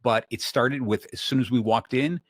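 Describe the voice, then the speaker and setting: A man hosting a podcast, chatting casually and telling lively stories in which he acts out clerks and waiters. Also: mid-range voice, normal speed, breathy edge, no echo, clean studio sound. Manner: animated storyteller acting out store clerks. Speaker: podcast host. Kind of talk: casual conversation.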